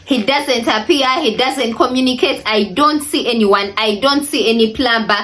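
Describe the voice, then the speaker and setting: Animated young woman telling a story. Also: fairly high pitch, normal speed. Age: young adult. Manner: animated, indignant storytelling to viewers; repeats phrases for emphasis. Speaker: vlogger. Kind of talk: storytime vlog.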